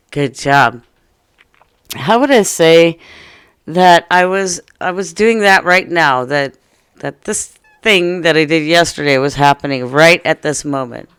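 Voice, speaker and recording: A woman teaching a first-grade lesson, speaking slowly and playfully to young children. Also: deep voice, a bit bright, clear, resonant tone, dry recording, studio quality.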